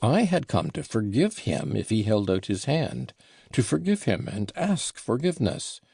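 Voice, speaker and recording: A man voicing a furious young man who speaks in a soft controlled voice and growls with contempt. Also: mid-range voice, big pitch swings, normal speed, gravelly, slightly rough, dry recording, clean studio sound, pitched above the performer's own voice, heavily acted. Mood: indignant.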